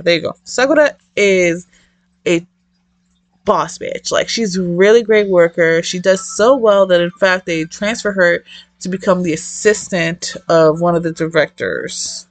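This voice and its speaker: A young woman reviewing a manga in casual chat, excitable, swearing a lot and rambling off-topic. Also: fairly low pitch, dry recording.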